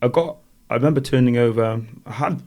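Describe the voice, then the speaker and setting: A Welsh former boxer, appearing as a podcast guest, tells rambling stories and laughs his way through them. His voice is medium in pitch and warm, and he talks briskly in a casual storytelling manner.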